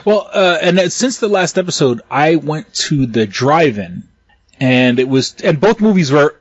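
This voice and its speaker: A man's voice: on the high side, sing-song, unhurried, dry recording. New guy rambling on his podcast, cusses a lot, dry muffled sound. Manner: rambling, swears freely, many restarts. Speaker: podcast co-host. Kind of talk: casual chat.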